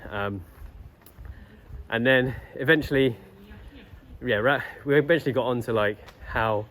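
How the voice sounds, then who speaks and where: A man's voice: mid-range voice, a little slow, a bit bright. Laid-back young man rambling a story. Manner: rambling and laid-back, many fillers and restarts. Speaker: travel vlogger. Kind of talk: casual storytelling vlog.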